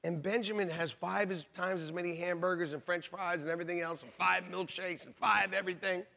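A man's voice: high-pitched, a little fast, vocal fry. A man preaching a sermon as pastor, telling stories with acted-out voices and jokes for the congregation. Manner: animated storytelling, acts out voices, jokes with congregation. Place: church sanctuary.

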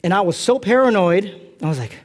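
A middle-aged man from California delivers a sermon in a fairly high-pitched voice. He tells animated, self-deprecating stories with lively asides. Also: brisk. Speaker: pastor.

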